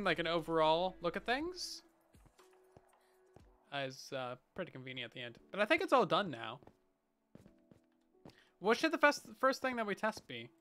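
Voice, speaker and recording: A man's voice: sits high, pushed and bright, clean tone. A man chatting casually as a game streamer, muttering to himself, humming while he builds and thanking viewers from the chat, on a headset mic. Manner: mutters to himself, hums and reads out chat names.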